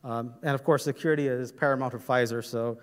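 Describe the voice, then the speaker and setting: A man's voice: medium pitch, fairly even intonation, quick pace, smooth. A man giving a technical conference talk, explaining step by step with frequent fillers and "right?" checks. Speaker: conference presenter. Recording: reverberant hall.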